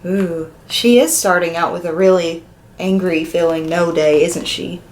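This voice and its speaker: Reading a picture book to young children, a woman speaks in a fairly low, slightly slow voice over a faint hiss or hum. Her delivery is animated, and she keeps asking the little listeners questions along the way.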